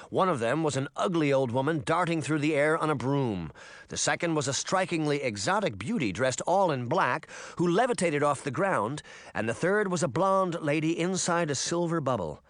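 A man narrating a fantasy story as an audiobook reader, in expressive scripted narration. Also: fairly high pitch, no room sound.

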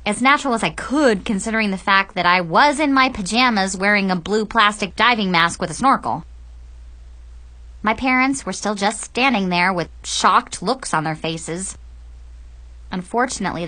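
A young woman narrates a funny first-person story with a clear, bright tone. Her pitch leaps and dips with every comic turn. She takes her time, letting each line land. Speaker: audiobook narrator.

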